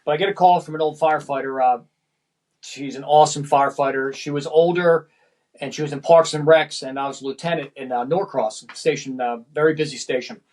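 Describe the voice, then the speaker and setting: A man's voice: a little high, steady tone, a little fast, darkish tone, poor audio. A middle-aged man, a former firefighter lieutenant, tells a personal story as a podcast guest in a rambling, profane way, often tagging sentences with "man".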